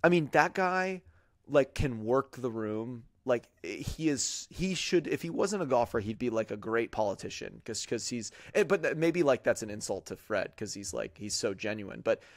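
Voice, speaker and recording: A man's voice: medium pitch, lively intonation, moderate pace, no echo, clean studio sound. A man hosting a podcast, telling a long story in a rambling way with lots of fillers and quoted voices. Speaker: podcast host. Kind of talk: casual chat.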